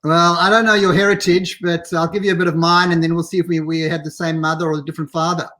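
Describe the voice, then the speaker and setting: A man's voice: a little high, flat delivery, quick pace, pushed and bright. A man in his fifties from South Africa, chatting casually as a guest on a live video call. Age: 50s. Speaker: podcast guest.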